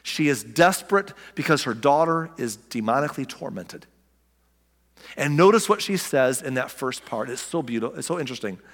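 A man's voice: mid-range voice, lively intonation, moderate pace, a bit bright. Preaching man, voice ringing through a hall. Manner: conversational preaching with rhetorical questions and direct address. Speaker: pastor. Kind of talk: sermon.

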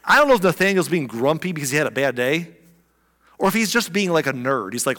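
A man preaching with a bright, fairly high voice that swings widely in pitch as he acts out the story. His sermon rings through a large hall with a long, trailing echo. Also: quick pace. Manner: animated storytelling, acting out the people in the story. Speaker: pastor.

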